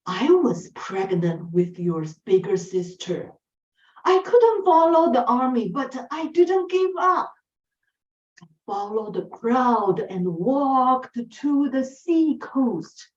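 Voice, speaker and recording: Woman from Taiwan; slow, lively storyteller, lifted voice, heard far off and muffled in a roomy space. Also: fairly high pitch. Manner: animated, acts out dialogue. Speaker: club speaker. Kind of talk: prepared storytelling speech.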